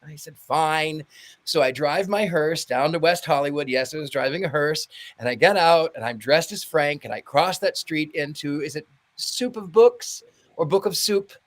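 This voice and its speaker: Brief: a fairly high-voiced man, animated podcast storyteller. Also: moderate pace. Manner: animated storyteller, acts out quotes. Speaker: podcast co-host. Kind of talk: casual chat.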